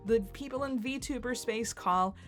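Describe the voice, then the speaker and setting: A woman in her thirties rambles through a story in a casual, giggly way, poking fun at herself. She leans hard on "like" and pops into animated little voices when she quotes people. Faint music plays quietly in the background. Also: on the high side, measured pace. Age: 30s. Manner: giggly and self-deprecating, heavy use of "like". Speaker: channel host.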